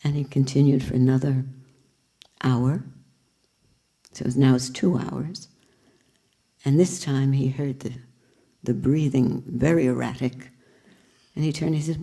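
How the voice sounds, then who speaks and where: A woman's voice: a bass voice, steady tone, a little slow, pauses often, warm tone, husky. A woman teacher giving a spiritual talk with storytelling, earnest and reflective.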